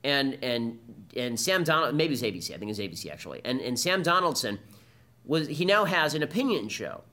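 A man with a mid-range, sharp-toned voice and big pitch swings hosts a podcast. He delivers combative political commentary as a fast-talking monologue.

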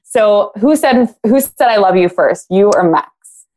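A woman's voice: medium pitch, a little slow, a little mellow. A woman talking casually on a podcast as a guest, explaining ideas with analogies and acted-out quotes.

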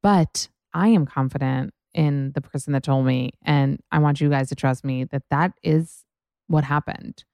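Gravelly low-voiced woman gossiping. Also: unhurried, mellow, no room sound, clean studio sound. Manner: frank, profane, rambling. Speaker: podcast host. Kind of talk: casual gossip chat.

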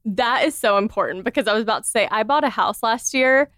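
A woman's voice: fairly high pitch, brisk, fairly bright tone, dry recording, studio quality. A woman in her thirties chatting as a podcast guest, laughing often and acting out the voices she quotes. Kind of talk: casual interview chat.

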